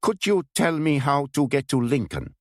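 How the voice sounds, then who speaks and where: A wary, exhausted German agent , put on by a male narrator, speaks stiff, formal English with a heavy German accent. The voice sits high and carries some force, with each word set apart. It is read in a dry, close audiobook recording. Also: sing-song, no room sound. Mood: guarded. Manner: formal, halting password lines.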